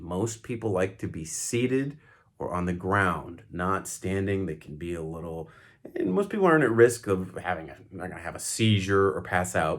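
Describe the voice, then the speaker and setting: A middle-aged man with a slightly low voice talks to camera as an emergency doctor. He explains panic attacks calmly and plainly. When he models what to say, he turns quiet and slow. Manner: calm, explanatory, slows and softens when modeling soothing speech. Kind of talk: educational talk to camera.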